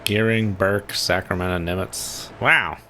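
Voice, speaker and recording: A man's voice: sits low, fairly even intonation, a little slow, bright, forceful tone, slight background noise. A man streaming a naval game, musing aloud in casual commentary. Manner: laid-back, musing aloud.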